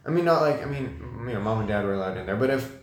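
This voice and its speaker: A young man talking as a guest in a casual conversation, thoughtful and halting, with many fillers and restarts. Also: lowish voice, animated. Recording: echoey room.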